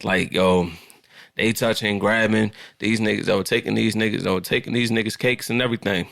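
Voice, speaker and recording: A man's voice: fairly low pitch, fairly even intonation, moderate pace, creaky, a bit bright. A man co-hosting a podcast, joking crudely and animatedly in casual chat. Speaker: podcast co-host.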